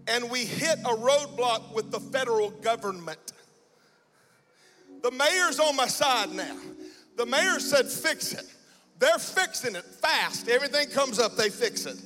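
A male pastor preaching a fervent sermon, storytelling and then shouting and chanting in bursts. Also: very high-pitched. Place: large church sanctuary. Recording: church hall with long reverb.

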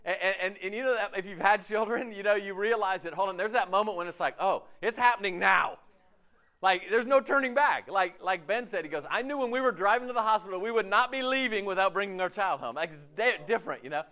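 A man, a pastor, giving a conversational sermon, casual and animated, often acting out quotes in his talk. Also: high voice, quick pace.

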